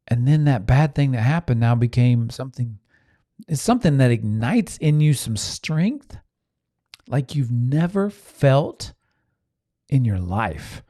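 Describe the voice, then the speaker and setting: A man's voice: mid-range voice, animated, a little slow, mellow, dry recording, clean studio sound. A man hosting a motivational podcast. He talks earnestly with restarts and asides to listeners, and sometimes acts out inner voices. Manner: frequent restarts and audience asides. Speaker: podcast host, self-help speaker.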